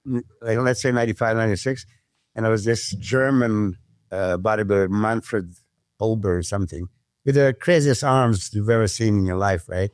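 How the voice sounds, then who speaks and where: A man's voice: on the low side, normal speed, dry recording. Dry-voiced man. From Serbia. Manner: animated storyteller who swears freely and acts out quotes. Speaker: podcast guest, former pro bodybuilder. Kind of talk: casual storytelling chat.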